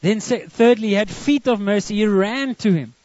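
A man's voice: high voice, normal speed, a little mellow, dry recording. A South African man preaching a sermon as pastor, counting off his points and dropping into homely family stories. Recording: dull lo-fi recording.

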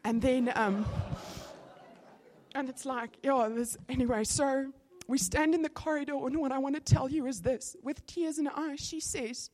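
A middle-aged woman, giving an animated testimony in a sermon, with sudden bursts of excitement. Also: sits high, normal speed.

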